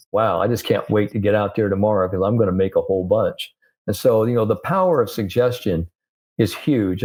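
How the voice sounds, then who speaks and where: Low-voiced older man telling anecdotes. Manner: storytelling, animated with anecdotes and quotes. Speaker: sports psychologist guest. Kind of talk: casual podcast conversation.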